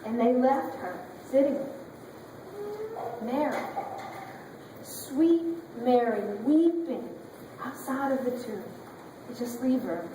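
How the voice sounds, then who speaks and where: A woman pastor preaching with dramatic, emotive storytelling. Her voice is high and her delivery unhurried. She is picked up from far away in a very echoey church sanctuary with a faint ambience. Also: expressive, noisy background. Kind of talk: sermon.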